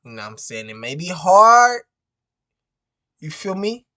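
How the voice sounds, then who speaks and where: A man's voice: sits high, big pitch swings, unhurried, pauses often, pushed and bright. A man who wholesales real estate, venting to the camera in a casual, profane way and ending nearly every phrase with "bro". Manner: frustrated, repetitive, peppers every phrase with "bro".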